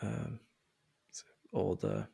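A man hosts a casual gaming podcast, rambling in loose chat with many fillers and restarts. His fairly low voice is slow and flat in pitch, creaky and warm with a breathy edge, captured in a dry, studio-quality recording.

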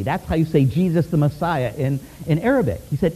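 Animated high-voiced male missions teacher. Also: moderate pace, hardly any pauses, slightly rough, low-quality recording. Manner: animated, asks the class rhetorical questions. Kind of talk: missions teaching talk with storytelling. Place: classroom.

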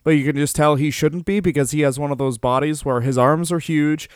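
Man, podcast co-host, giggly, playful teasing, higher pitch, dry sound. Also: steady tone, brisk, clear, resonant tone, no room sound. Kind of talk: crude comedic chat.

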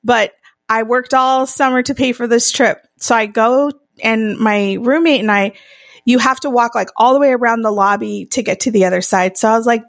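A woman's voice: fairly high pitch, normal speed, vocal fry, dry recording, clean studio sound. A young adult woman co-hosting a podcast, telling a wild story in casual chat, swearing freely and laughing often. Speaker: podcast co-host.

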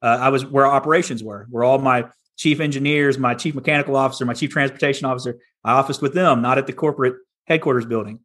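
A man's voice: medium pitch, fairly even intonation, fast talker, few pauses, fairly bright tone. A middle-aged man from Texas, a podcast guest telling his story in a candid, casual way with frequent restarts. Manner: candid, many restarts and repeats.

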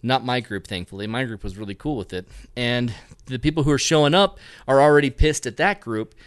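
A man's voice: mid-range voice, fairly quick, smooth. A man telling a story in a casual chat, acting out what other people said. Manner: animated, acts out other people's lines in the story. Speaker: photography group leader telling a story.

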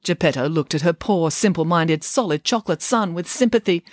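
A woman reading a children's storybook aloud, with expressive, animated narration. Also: on the low side, brisk, hardly any pauses, dry recording, clean studio sound.

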